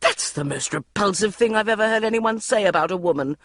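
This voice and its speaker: A reader voicing an indignant woman friend ranting loudly at a boozy dinner in an audiobook. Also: medium pitch, expressive, fairly quick, dry recording, studio quality, pitched above the performer's own voice, close to an everyday voice. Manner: loud, furious ranting. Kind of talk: audiobook reading.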